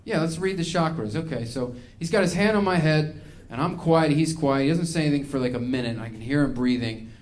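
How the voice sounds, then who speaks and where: A man's voice: medium pitch, a little fast, hardly any pauses, a little mellow. A man doing a stand-up comedy routine, ranting in an exasperated, self-mocking way.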